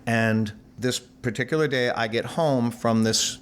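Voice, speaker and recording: Animated older man telling a story. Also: medium pitch, a little slow, clear, resonant tone. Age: 60s. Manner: animated, acts out voices in anecdotes. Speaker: guest musician. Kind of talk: storytelling interview.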